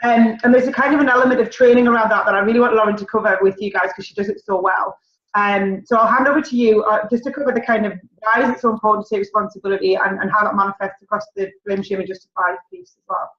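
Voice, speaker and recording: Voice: mid-range voice, steady tone, fast talker. A host introducing a guest speaker in a hesitant, rambling way. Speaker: coach, host. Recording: dull echoey room sound.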